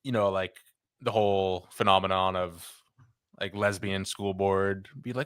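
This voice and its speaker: A young man talking in a relaxed, easygoing way on a podcast, with a bright, forward tone. The sound is close and dry, with no room around it. He laughs often and leans on casual slang. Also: low-pitched, moderate pace, smooth, no echo. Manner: laid-back, laughing, says "dude" and "like" often. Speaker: podcast co-host. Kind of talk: casual chat.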